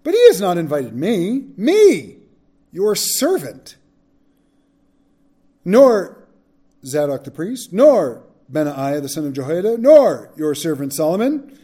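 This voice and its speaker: A man reading as a smooth old prophet. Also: high voice, wildly swooping pitch, takes it slowly, pauses often, dark tone, full character voice. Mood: urgent. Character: shrewd smooth male prophet pleading with a king.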